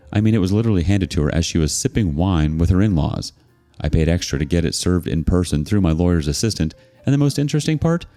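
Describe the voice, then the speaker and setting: A man narrating a story in a low, warm voice that rises and falls a lot. He tells it expressively, with a sarcastic bite in his asides, over faint background music. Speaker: narrator of reader stories. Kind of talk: scripted narration.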